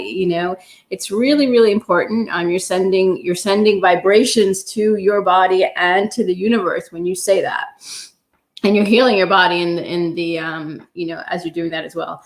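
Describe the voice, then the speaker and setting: A woman hosting a self-love affirmation session, talking gently and unhurriedly with many pauses and ums. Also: fairly low pitch, fairly even intonation. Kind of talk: guided affirmations and meditation talk. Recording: roomy echo.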